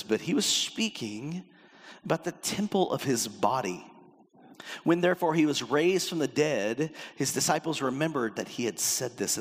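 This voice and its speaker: Animated male preacher in a reverberant hall. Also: medium pitch. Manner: animated preaching, acts out quoted voices. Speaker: pastor. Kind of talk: sermon.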